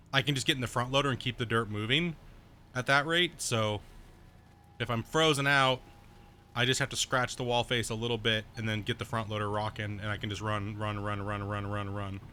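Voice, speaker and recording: A man with a bright, forceful voice talks through his game plan at home, rambling and correcting himself as he goes. His tone is strong and clear over a faint hiss of background noise. It sounds like a casual home stream. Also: steady tone, brisk. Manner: thinks aloud, rambling and self-correcting; baby-talks to his cat in a high voice.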